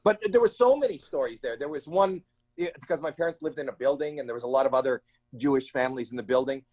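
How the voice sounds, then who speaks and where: A comedian guest in an interview, telling stories in an animated way and acting out the people in them with sudden shrill cries. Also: male voice, quick pace, dry recording. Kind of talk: animated storytelling in a casual interview. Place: home.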